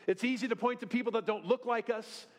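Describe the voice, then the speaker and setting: A man's voice: very high voice, fairly even intonation, quick pace. A middle-aged man preaching in a church, telling self-deprecating stories in a folksy way and often checking in with "right?". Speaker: pastor. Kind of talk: sermon. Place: church sanctuary.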